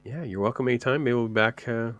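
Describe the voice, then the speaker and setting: A man's voice: medium pitch, fast, a bit bright, dry recording, dull audio. A man hosting a podcast in an upbeat, easygoing way, trading stories with his co-hosts. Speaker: podcast host. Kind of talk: casual chat.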